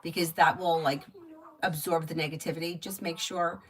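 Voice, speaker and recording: A woman's voice: sits low, steady tone, moderate pace, low-quality recording. A woman giving tarot readings on a casual live stream, chatty and advice-giving, with lots of filler words. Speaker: tarot reader.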